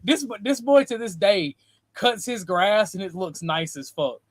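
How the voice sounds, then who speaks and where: High-voiced, profane storytelling man. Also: expressive, a little slow, no room sound. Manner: profane, laughing anecdote-teller. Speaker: talk show host. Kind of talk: casual storytelling chat. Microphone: streaming call mic.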